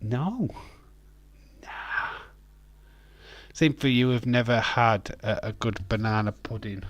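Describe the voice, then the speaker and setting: A man's voice: on the low side, steady tone, normal speed, no room sound. A British man hosting a livestream, answering his chat in a joking, ranting back-and-forth with laughs. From United Kingdom. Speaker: livestream host. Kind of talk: casual chat answering live chat.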